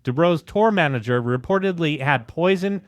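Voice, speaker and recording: A man's voice: on the high side, animated, normal speed, dry recording, studio quality. A man narrating a music history story in a punchy, dramatic and slangy way, with a few profanities. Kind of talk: scripted documentary narration.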